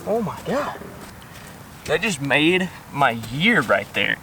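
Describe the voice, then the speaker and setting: A man vlogging outdoors by a small pond, shaky and keyed up, full of excited exclamations and coaxing the fish he's landing. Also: on the high side, slow, far from the mic, a little hiss or hum, rough recording. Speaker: fishing vlogger. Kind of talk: excited outdoor vlog commentary. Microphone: camera set up nearby.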